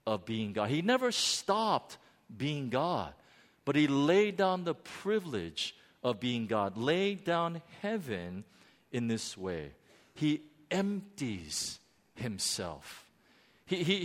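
A man preaching a sermon with animated emphasis, dramatic pauses and frequent restarts. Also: a little high. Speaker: pastor. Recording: long hall reverb.

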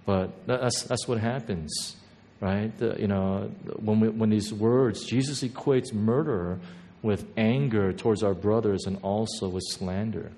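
A man's voice: on the low side, a little slow, dark tone. A man preaching a sermon to a congregation, telling a personal story in a conversational way and often checking in with "right?". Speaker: pastor. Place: church hall before a congregation.

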